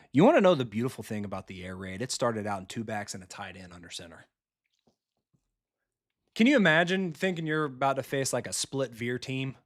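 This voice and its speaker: Male game streamer, mid-pitch, loose and profane, chatting with viewers over live football gameplay.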